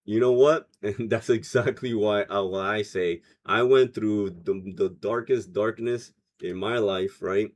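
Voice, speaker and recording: Man, low voice, loose rambling livestream host who laughs often. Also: a little slow, few pauses. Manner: loose, rambling, reads chat comments aloud, laughs often. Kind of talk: casual livestream chat.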